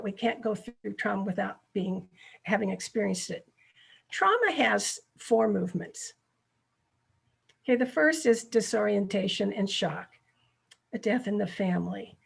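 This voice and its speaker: A middle-aged woman gives a ministry workshop over a video call. Her voice is strongly gravelly and husky, at an ordinary pitch. She talks earnestly and often checks in with her listeners. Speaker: workshop presenter.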